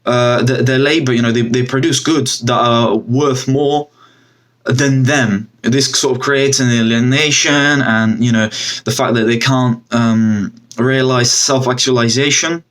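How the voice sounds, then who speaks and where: A man's voice: medium pitch, steady tone, measured pace, a bit bright. Rambling man in casual commentary. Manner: rambling, many fillers and restarts. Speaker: vlogger. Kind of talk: casual commentary with screen sharing.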